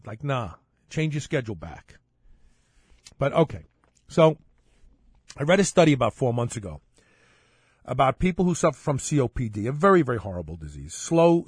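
Husky man hosting a rambling talk show. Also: medium pitch, dry recording, clean studio sound. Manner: frustrated, rambling with restarts. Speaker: podcast host. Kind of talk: casual monologue.

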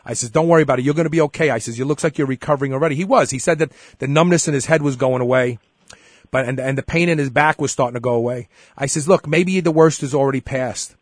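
This show host, a middle-aged man, animatedly tells a story in a casual chat, voicing the dialogue as he goes. He's a fast talker with a medium-pitched voice, captured at studio quality with no echo.

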